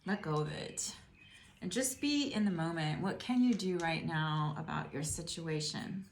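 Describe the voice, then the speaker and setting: A woman's voice: fairly low pitch, measured pace, slight background noise. A middle-aged woman giving a casual tarot reading, musing and rambling as she speaks to the viewer. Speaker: tarot reader. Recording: roomy echo.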